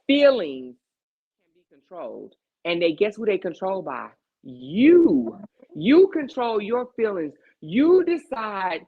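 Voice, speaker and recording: A woman's voice: mid-range voice, big pitch swings, slow pace. Emphatic woman host, preachy heart-to-heart advice, rhetorical check-ins, muffled lo-fi recording. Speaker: podcast host. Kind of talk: casual heart-to-heart chat.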